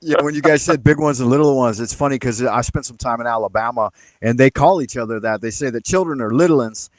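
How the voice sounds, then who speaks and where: A man's voice: mid-range voice, quick pace, no echo, rough recording. A man from California chatting on a stream, telling anecdotes and acting out the voices of the people he quotes. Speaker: co-host. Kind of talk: casual chat.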